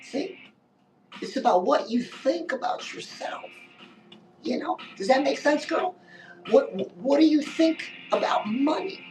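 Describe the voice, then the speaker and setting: Chatty high-voiced woman life coach. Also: animated, a little slow, a little mellow, recorded from a distance, faint music behind, poor audio. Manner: chatty, keeps saying "girl" and "listen". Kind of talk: live-stream pep talk.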